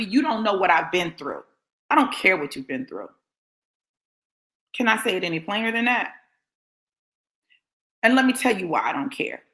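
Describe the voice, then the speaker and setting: A woman's voice: medium pitch, bright, forceful tone. A woman delivers a fiery sermon. She is blunt and confrontational, driving each point home through emphatic repetition. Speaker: motivational preacher.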